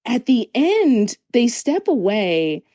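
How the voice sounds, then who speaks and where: A woman's voice: on the high side, big pitch swings, takes it slowly, mellow, no echo. A woman guest on a podcast, telling a personal story in casual chat, acting out the voices of others and swearing now and then.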